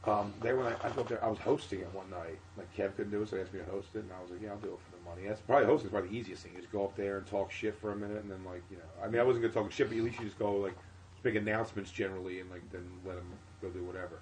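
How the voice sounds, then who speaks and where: A man, a comedian guest, telling stories in a rambling, animated, profane way. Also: lowish voice, very fast, slight background noise, poor audio. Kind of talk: casual storytelling.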